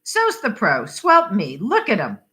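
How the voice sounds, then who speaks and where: A woman voicing a pompous, talkative Englishman who speaks too loud, with a put-on English accent. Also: medium pitch, big pitch swings, moderate pace. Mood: blustery. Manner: loud, know-it-all. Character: pompous talkative Englishman, middle-aged man.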